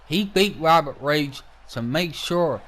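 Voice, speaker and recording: Male wrestling commentator, high-pitched, brash, profane play-by-play. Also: expressive, takes it slowly, a bit bright. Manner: brash, trash-talking, swears a lot.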